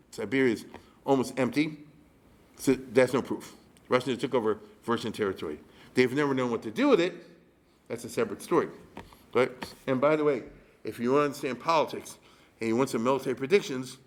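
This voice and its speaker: A rabbi gives a conversational history lecture, chatty and frequently checking in with his audience while slipping in wry, humorous asides. His voice is medium in pitch, fairly quick, and broken by frequent pauses.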